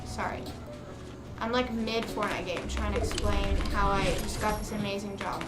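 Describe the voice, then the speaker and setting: A woman's voice: medium pitch, steady tone, moderate pace. Chatty young woman streamer, roomy. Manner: chatty, rambling storytelling with quoted dialogue. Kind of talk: casual chat while gaming live. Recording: roomy room with music playing.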